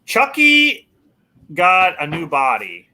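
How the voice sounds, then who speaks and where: A man with a bright, lively voice that rises and falls a lot, chatting hesitantly about movies. He restarts sentences often as he thinks aloud. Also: sits high, slow pace. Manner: hesitant, full of restarts, animated. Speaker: podcast co-host. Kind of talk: casual movie review chat.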